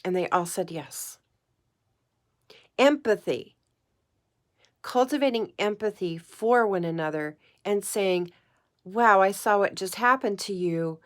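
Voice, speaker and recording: An earnest woman speaks directly to the camera in a heartfelt personal vlog. She is emotional and close to tears, and she repeats her phrases for emphasis. Her voice sits at an ordinary middle pitch. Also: slow pace, pauses often. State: tearful at times. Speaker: psychic vlogger. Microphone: camera mic, talking to camera.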